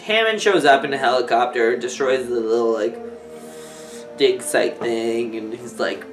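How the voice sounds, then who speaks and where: A drunk man hosting a rambling comedic movie recap, slipping into squeaky impressions. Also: measured pace, music in the background, poor audio. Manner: slurring, rambling, bursts into shrill squeaky impressions. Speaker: host.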